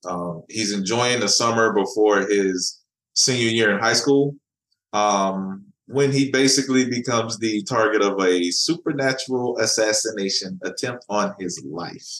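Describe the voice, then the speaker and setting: Echoey, low-voiced male comic writer. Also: a little slow, a bit bright. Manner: repeats words while finding his thought. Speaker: comic book writer, guest. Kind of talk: casual podcast conversation. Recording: echoey room.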